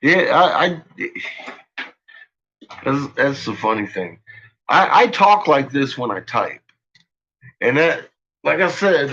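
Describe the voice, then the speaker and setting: Guy cursing and ranting on a stream, bright voice, kinda dull lo-fi audio. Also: on the low side, slightly rough. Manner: profane, agitated ranting. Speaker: live streamer. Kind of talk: casual rant on a live stream.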